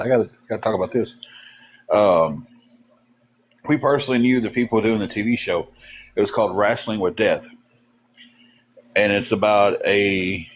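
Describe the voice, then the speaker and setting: A man chatting on a livestream, his voice sitting on the low side. He rambles through folksy stories with plenty of "uh" and "um". His delivery is relaxed and a bit weary. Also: slight background noise. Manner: rambling, folksy, lots of fillers; drawn-out, tired. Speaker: livestream co-host. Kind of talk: casual livestream chat, storytelling.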